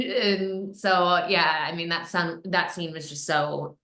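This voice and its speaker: A woman film director talking casually in an interview, telling an animated story with frequent laughs. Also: lowish voice, a little slow, few pauses. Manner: animated storyteller, acts out quotes, laughs often. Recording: roomy echo.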